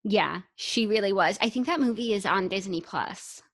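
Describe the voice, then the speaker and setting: A woman's voice: medium pitch, moderate pace. Enthusiastic young woman podcast co-host. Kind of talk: casual chat.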